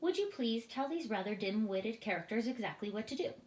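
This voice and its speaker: A woman's voice: on the high side, animated, a little fast, a little mellow, close to an everyday voice. A woman voicing a composed queen in a read-aloud storybook, giving commanding orders. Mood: firm. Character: composed female queen, firm and tactful. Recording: roomy echoing room.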